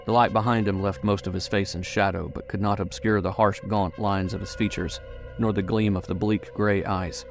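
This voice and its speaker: A man narrating a horror audiobook in a measured, suspenseful way. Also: on the low side, flat delivery, over music.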